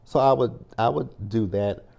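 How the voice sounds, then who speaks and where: A man's voice: medium pitch, a little slow, vocal fry, a little mellow, breathy edge. A man hosting a casual TV recap video, chatty and rambling, often turning to his viewers to address them directly. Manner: chatty, repeats "you guys" a lot; tells personal stories with many restarts. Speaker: TV recap host. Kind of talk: casual review vlog.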